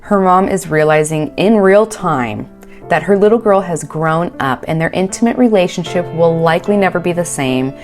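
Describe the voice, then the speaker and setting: Over soft background music, a woman with a lowish, slightly mellow voice chats about a reality show at normal speed. She's a wry recap commentator recording at home, quoting the cast in bouncy voices.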